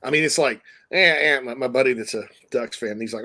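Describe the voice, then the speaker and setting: A man chatting about college football rivalries in a loose, rambling way, often stopping to restart his sentences. He sits at a desk mic on a video call, with a voice of middling pitch. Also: fairly quick, hardly any pauses, pushed and bright. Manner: rambling, with frequent restarts and asides. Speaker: guest commentator. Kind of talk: casual sports talk. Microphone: desktop mic on a video call.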